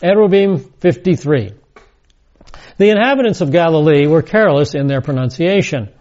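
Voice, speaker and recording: A man's voice: on the high side, expressive, moderate pace, a little mellow. A man teaching a scripture lesson, reading verses and adding casual asides. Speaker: Bible teacher. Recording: dull lo-fi recording.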